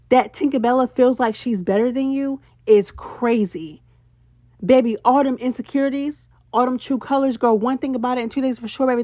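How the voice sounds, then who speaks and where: A woman recaps a reality show in a sassy, animated way, piling on slang and talking straight to her viewers. Her voice sits a touch high. The sound is dry and a bit muffled, like a simple home setup. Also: no room sound. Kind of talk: casual recap commentary.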